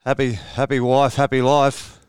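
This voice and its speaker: A man's voice: medium pitch, little pitch movement, moderate pace, a little mellow, clear, resonant tone, no echo. An Australian man co-hosting a radio show, friendly and encouraging in casual chat. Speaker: radio co-host.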